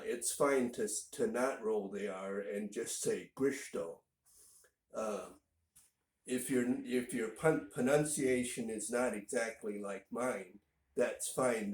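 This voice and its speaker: Slow, deliberate man in an echoey room. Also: fairly low pitch, a little mellow. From northern Indiana, USA. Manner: unhurried and explanatory, with frequent "uh" pauses. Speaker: language teacher. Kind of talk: casual spoken lesson.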